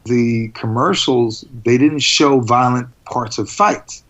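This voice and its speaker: A man rambles through his stories as an interview guest, animated and full of restarts. His pitch sits in the middle. The sound is a little dull and lo-fi. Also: slow pace. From United States. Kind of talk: casual interview.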